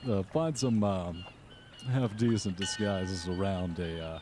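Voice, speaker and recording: Man, game master, low mellow voice, rambling narration, lots of uh and um. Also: slight background noise. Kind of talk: narrating a tabletop horror game.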